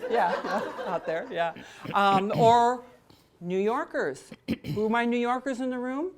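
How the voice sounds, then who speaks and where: Unhurried and fairly high-voiced, a woman trainer leads an interactive session with background noise behind her. She speaks conversationally with many fillers and restarts, and she jokes and laughs with the attendees.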